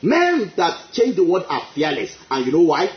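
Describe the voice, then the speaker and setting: A man's voice: on the high side, huge pitch swings, normal speed. A male preacher delivering an emphatic sermon, repeating his phrases and breaking into exclamations of praise. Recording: echoey, dull lo-fi.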